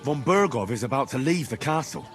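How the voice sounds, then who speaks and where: A man's voice: medium pitch, expressive, brisk, soft background music, close to an everyday voice. An actor playing a curious, earnest young man in a video game, speaking plainly with a questioning tone. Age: young adult.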